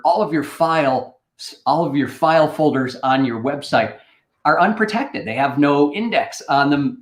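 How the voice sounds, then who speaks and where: A man's voice: medium pitch, reverberant. A middle-aged man hosting a livestream who tells a long story casually and keeps checking in with "right?". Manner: chatty, anecdotal, keeps asking "right?". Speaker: host.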